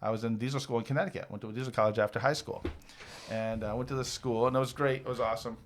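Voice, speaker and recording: A man in his fifties telling a long, rambling, profane story on a podcast, lively when quoting people. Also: mid-range voice, rapid-fire, a little hiss or hum. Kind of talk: casual storytelling.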